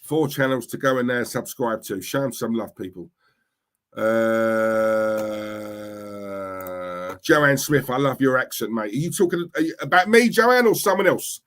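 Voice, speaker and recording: A man's voice: medium pitch, expressive, measured pace, fairly bright tone. A young man with an East London Cockney accent, hosting a casual livestream and chatting as he reads out comments, blunt and repeating himself as he talks. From East London, England. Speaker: livestream host reading chat.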